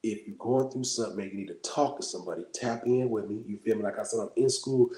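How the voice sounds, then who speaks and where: Bay man, fast mellow delivery, casual livestream storyteller, keeps checking in with listeners, echoey room. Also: fairly low pitch. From Bay Area, California. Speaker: livestream host.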